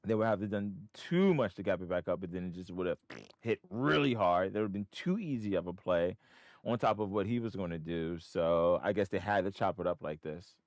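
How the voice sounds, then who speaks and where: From home, a man runs a live trading stream, thinking out loud in casual, meandering commentary. His low voice moves briskly, captured cleanly by a desk mic with no room sound while he wears headphones.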